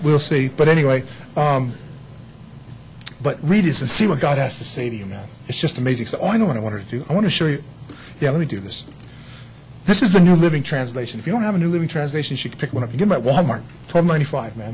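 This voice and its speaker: A man's voice: medium pitch, slight background noise, poor audio. A man giving a casual, joking sermon, telling a story to his congregation. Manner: chatty and animated, telling a story with jokes. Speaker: pastor.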